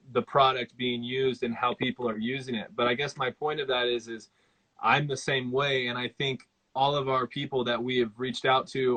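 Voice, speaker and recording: An easygoing male host in a casual live chat. His voice is bright and forward, and he rambles a little, filling gaps with "you know" and "um". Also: mid-range voice, rough recording.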